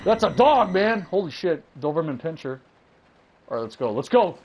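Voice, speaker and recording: A young man casually commentating a video game playthrough, excitable, swearing and rambling. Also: fairly high pitch, moderate pace, slight background noise, low-quality recording. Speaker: let's play gamer.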